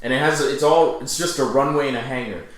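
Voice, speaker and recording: A man's voice: mid-range voice, fast. A man co-hosting a comedy podcast, rambling through conspiracy jokes and laughing often. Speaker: podcast co-host. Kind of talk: casual comedy chat. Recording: very echoey room.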